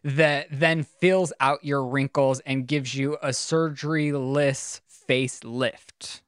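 Male podcast co-host, chatty and dramatic, mid-pitched, dry recording. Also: fairly even intonation, takes it slowly, clear, resonant tone, no room sound. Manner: chatty, laughs often, dramatic reactions. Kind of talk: casual chat.

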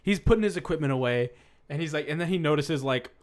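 A man in casual comedic chat, building absurd scenarios with growing excitement. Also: a little high, fast. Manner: animated, spins absurd tangents.

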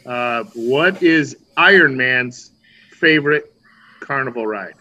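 A man's voice: mid-range voice, takes it slowly, bright, forceful tone, rough recording. A man hosting a casual podcast, reading listener questions and telling corny jokes. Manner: reads listener mail, tells corny jokes. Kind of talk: casual chat.

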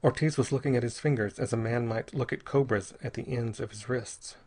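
Husky-voiced man reading a story. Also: mid-range voice, fairly even intonation, brisk, a little mellow. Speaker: audiobook narrator. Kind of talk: scripted narration.

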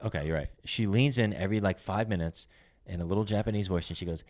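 A man's voice: low voice, fast, a little mellow, dry recording. A young man co-hosting a comedy podcast, rambling through a profane story and laughing as he goes. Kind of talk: casual crude storytelling.

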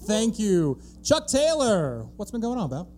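A man's voice: high-pitched, sing-song, a little slow, darkish tone, a little hiss or hum. A man co-hosting a live podcast in a theatre, playful and hyping up the crowd. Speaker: co-host. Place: theatre stage before a live audience.

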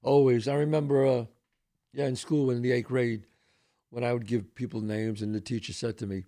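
A man's voice: medium pitch, normal speed. An older man with a Bronx New York accent, telling stories as a podcast host and acting out the voices of people he quotes. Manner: animated storyteller who acts out quoted voices. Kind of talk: casual storytelling.

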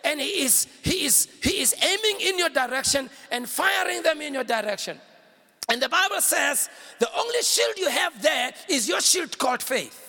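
High, gravelly shouting preacher man. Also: big pitch swings, moderate pace, long reverb tail. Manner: fiery preaching with shouted call-and-response. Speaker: pastor. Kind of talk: sermon.

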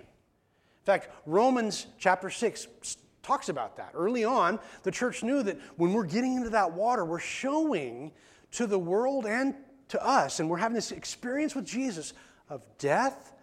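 A male pastor with a fairly high voice preaches to his congregation in a loose, conversational way. He often stumbles over and repeats his first words before getting a sentence going. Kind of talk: sermon. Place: church.

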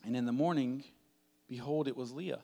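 A man preaching a sermon in a dramatic, chatty way, swinging from hushed to loud. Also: medium pitch, normal speed, vocal fry. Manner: conversational, uses "like" often.

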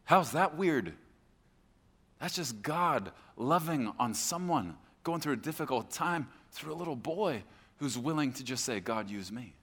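A man preaching a sermon as pastor on a church stage, emphatic, swinging between hushed and loud. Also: a little high, animated, measured pace, husky. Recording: echoey hall with long reverb.

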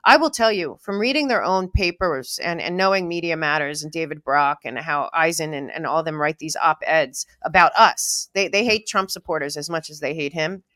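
A woman podcast host in political chat, talking emphatically and rising to intense high peaks. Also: moderate pace, few pauses, fairly bright tone, dry recording, clean studio sound.

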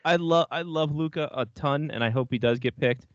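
A man's voice: a little high, a little fast, no echo, dull audio. A man with a cold and a stuffy nose, chatting bluntly and swearing on a hockey podcast. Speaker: podcast co-host. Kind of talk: casual hockey chat.

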